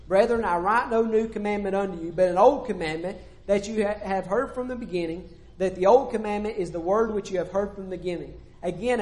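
Male preacher, high register, emphatic sermon delivery with repeated phrases, roomy church echo. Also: darkish tone. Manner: emphatic, repeats key phrases, reads scripture aloud.

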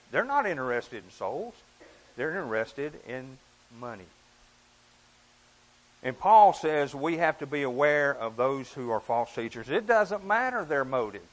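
A man preaching a sermon in an earnest, emphatic way, often rising and dropping in pitch and volume. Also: poor audio.

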